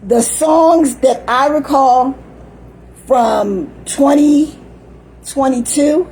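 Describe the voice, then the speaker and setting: A woman's voice: high voice, extremely slow, dark tone, a little hiss or hum, low-quality recording. An older woman talking in a rambling, chatty monologue, often laughing and acting out little voices. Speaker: vlogger.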